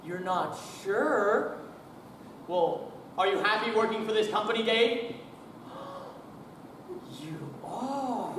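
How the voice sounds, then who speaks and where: Guy doing a ranting bully boss on the phone, kinda high voice, way off the mic in a big echoey hall. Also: recorded from a distance, noisy background, exaggerated voice. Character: hot-tempered blustering male boss on the phone. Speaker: speech competition contestant. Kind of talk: humorous interpretation monologue. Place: school auditorium.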